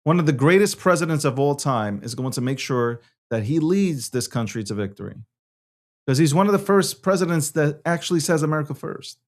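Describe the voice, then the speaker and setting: A man's voice: a little high, expressive, brisk. Male host from New York, punchy and repetitive, rides the volume up and down. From New York City. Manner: emphatic, repetitive, swings loud and soft. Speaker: show host. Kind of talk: opinionated political commentary.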